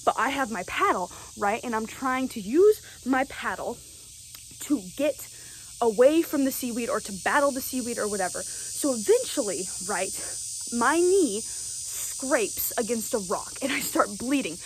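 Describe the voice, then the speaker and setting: A young woman with a slightly high voice tells a story straight to camera. She talks casually and stays animated, often tossing in "right?". There is a faint hiss in the background. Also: normal speed, poor audio. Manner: animated, keeps asking "right?". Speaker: vlogger.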